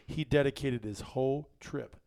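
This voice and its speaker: Male host, animated storyteller, mid pitch, dry booth. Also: normal speed, creaky, no echo. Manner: excited storyteller, laughs often, acts out quotes. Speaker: hunting podcast host. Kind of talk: casual storytelling chat.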